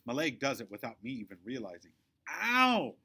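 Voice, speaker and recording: A man reading a children's chapter book aloud, with expressive storytelling in a middle pitch. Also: fast, slightly rough. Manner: expressive storytelling, dropping low for narration tags. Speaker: reader.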